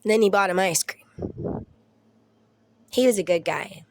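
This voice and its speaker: Slow-talking Southern mom telling stories. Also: female voice, medium pitch, slight background noise. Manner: rambling, profane, laughs through her stories. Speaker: mom vlogger. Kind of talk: casual storytelling chat. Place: at home.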